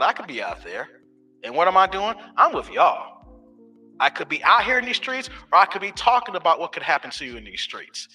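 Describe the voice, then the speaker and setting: A man's voice: fairly high pitch, pushed and bright. A man in his forties hosting a casual live stream, telling loose stories full of street slang and swearing. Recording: distant mic with faint music.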